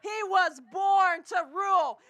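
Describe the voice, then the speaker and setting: Canadian woman preaching in church, really high bright voice, shouts then goes all hushed. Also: slow, lo-fi sound. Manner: impassioned preaching, often shouting, then dropping to a hush. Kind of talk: sermon. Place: church sanctuary.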